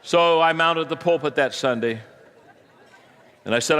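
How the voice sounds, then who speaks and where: A man who is a pastor, preaching a sermon and telling stories, swinging from hushed to loud. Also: a little high, a little slow.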